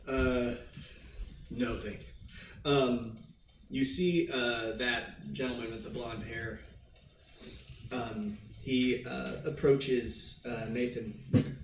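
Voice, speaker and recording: A man's voice: mid-range voice, steady tone, drawn-out words, pauses often. A man acting as game master of a tabletop game, laid-back and hesitant, with many fillers. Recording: roomy distant mic, faint noise.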